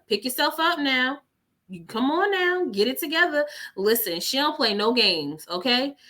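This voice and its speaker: A woman hosting a podcast in casual, effusive chat, warm with thanks and full of "y'all". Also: a little high. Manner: effusive and emotional, says "y'all" a lot. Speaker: podcast host.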